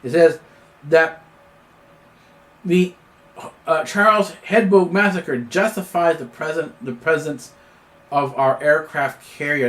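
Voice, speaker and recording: A man hosting his own news commentary show, talking off the cuff with many fillers and restarts. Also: fairly high pitch. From Canada. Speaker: host of an independent news commentary channel. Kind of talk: unscripted political commentary monologue.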